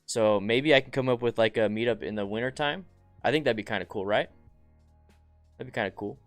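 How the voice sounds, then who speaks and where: A man hosting a relaxed live stream, talking easily and answering viewers as if among friends. His voice is smooth and clear, with sudden bursts of excitement. Faint music plays in the background. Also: medium pitch, brisk. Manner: chatty, reads viewer comments aloud, bursts of excitement. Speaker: motorcycle channel host. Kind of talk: casual live stream chat.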